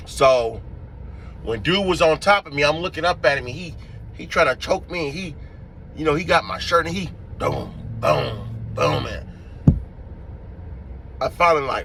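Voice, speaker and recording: A man telling a street-fight story in a casual, profane, animated way, acting out the scenes as he goes. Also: a little high, moderate pace, vocal fry, long pauses, slight background noise.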